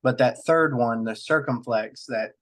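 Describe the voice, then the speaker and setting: A man's voice: mid-range voice, a little slow, a loud crowd. A man with a Southern US accent, a student politely asking hesitant questions in class.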